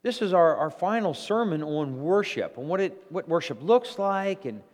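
A male pastor delivers a sermon in a church, his voice sitting slightly high and swinging widely in pitch. He often restarts his phrases as he builds a point. A long reverb trails his words through the sanctuary. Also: normal speed. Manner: animated preaching with repeated restarts.

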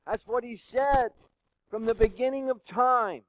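A man preaching a sermon who keeps asking the congregation questions and swings between soft and loud. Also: very high-pitched, measured pace, noisy background. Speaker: pastor.

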